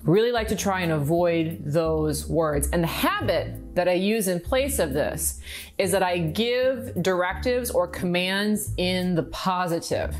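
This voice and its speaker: A middle-aged woman coaching on manifestation in an upbeat, instructive vlog style, slowing down to stress key words. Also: fairly low pitch. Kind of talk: direct-to-camera teaching vlog.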